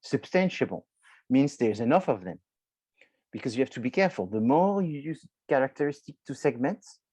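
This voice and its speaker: A man's voice: medium pitch, warm tone, breathy edge, no room sound, low-quality recording. A man lecturing a university marketing class, explaining loosely with many restarts and filler words, addressing students directly.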